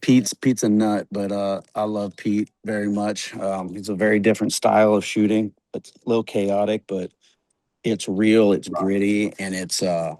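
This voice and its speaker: A man's voice: fairly low pitch, little pitch movement, moderate pace, a little mellow, no room sound, rough recording. A man talking as a guest stuntman in a casual podcast chat, laid-back and swearing freely, calling everyone "dude".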